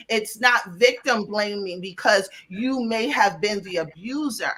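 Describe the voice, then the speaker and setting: A woman on a discussion panel, speaking deliberately and with emphasis, often pausing to find her words. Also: fairly high pitch, fairly bright tone, poor audio.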